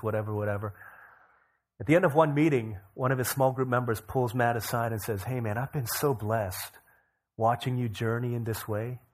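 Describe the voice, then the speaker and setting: A male pastor preaching, telling a story with rising bursts of energy and quiet low drops. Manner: energetic storyteller who rises in pitch and volume for emphasis, then drops low. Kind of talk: sermon storytelling.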